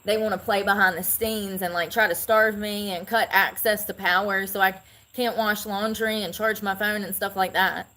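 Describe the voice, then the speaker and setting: A woman's voice: medium pitch, steady tone, normal speed, pushed and bright. A woman live-streaming an aggrieved, rambling rant into her phone. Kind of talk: ranting vlog monologue. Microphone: phone held for self-filming.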